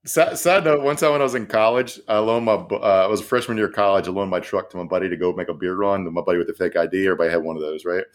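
A man's voice: low voice, very fast, hardly any pauses. A man co-hosting a podcast, who tells stories in a rambling, profane way. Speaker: podcast co-host. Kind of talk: casual storytelling chat.

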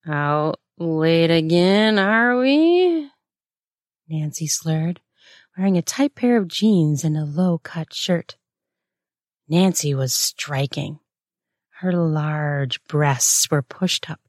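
Slow, low-voiced woman narrating a story. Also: a little mellow, no echo, clean studio sound. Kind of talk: read-aloud erotic story.

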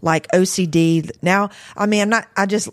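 A woman's voice: mid-range voice, steady tone, moderate pace, no room sound. A chatty woman talks as a podcast guest and laughs often. She cuts in when a thought strikes her. Her voice is recorded dry and close on a studio microphone. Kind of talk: casual chat.

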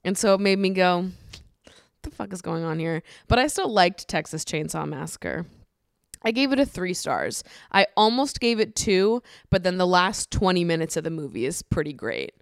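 A woman's voice: fairly low pitch, sing-song, moderate pace, gravelly, dry recording, clean studio sound. A woman hosting a podcast, rambling in a casual, chatty way, swearing freely and laughing often. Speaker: podcast host.

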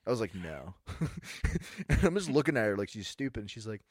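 A young man, telling stories in a laid-back, deadpan way on a casual podcast. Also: lowish voice, normal speed, breathy edge, no echo, studio quality. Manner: laid-back, deadpan storyteller who mimics angry customers. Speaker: podcast co-host. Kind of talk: casual storytelling chat.

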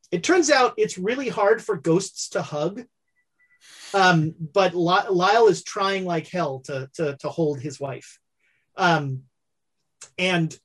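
A game master narrates a tabletop horror game with many halting fillers. The delivery is slow and unhurried. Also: medium pitch.

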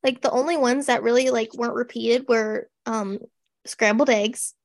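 A young woman co-hosting a podcast, chatting in an animated, sarcastic way and acting out quotes. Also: a little high, normal speed. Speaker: podcast co-host. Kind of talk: casual snarky chat.

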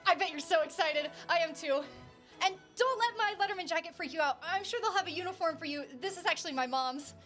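A woman voicing a peppy, chatty teenage girl student in a tabletop role-play, eager and quick. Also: extremely high pitch, a bit bright, faint music behind. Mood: excited. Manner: bubbly, eager, rapid.

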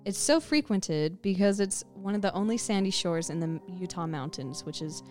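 A woman co-hosts a podcast and reads an eerie lake legend. She speaks in a low voice and sets the scene by addressing the listener as "you." Faint music plays underneath. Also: animated, normal speed, a little mellow. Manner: second-person scene-setting, leading the listener. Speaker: podcast co-host. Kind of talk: scripted spooky storytelling.

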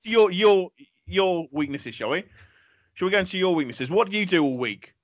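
A man's voice: high-pitched, expressive, normal speed, dry recording, highs cut off. A man co-hosting a comedy podcast, ranting in an exasperated, sweary way. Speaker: podcast co-host. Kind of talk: casual comedy podcast banter.

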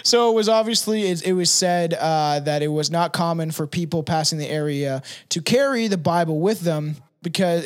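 A male podcast co-host in casual chat who laughs often, swears freely and tells stories with lots of energy. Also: a little high.

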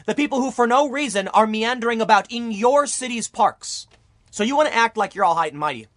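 A man's voice: very high voice, animated, brisk, fairly bright tone, no echo. A young man delivering an argumentative opinion monologue as a political commentary YouTuber, full of rhetorical questions.

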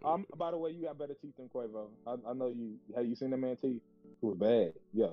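A man's voice: medium pitch, quick pace, soft background music. A man co-hosting a casual podcast, teasing his friends and firing off playful banter. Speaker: podcast co-host. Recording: dull lo-fi sound.

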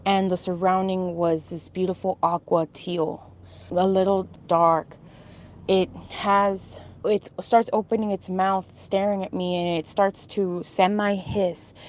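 A woman casually recounting a strange dream, pausing often and restarting as she searches for words. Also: medium pitch. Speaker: storyteller.

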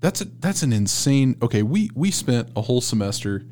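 A man's voice: mid-range voice, very animated, normal speed, a little mellow. A young man hosting a casual podcast chat, loose and slangy with emphatic asides. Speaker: podcast host, college student.

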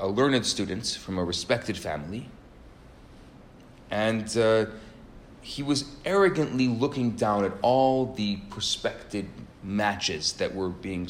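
A man giving an earnest religious talk, telling stories and stressing key words by slowing down and raising his voice. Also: slight background noise. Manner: earnest, emphatic, varies pitch and pace for stress. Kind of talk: sermon with storytelling.

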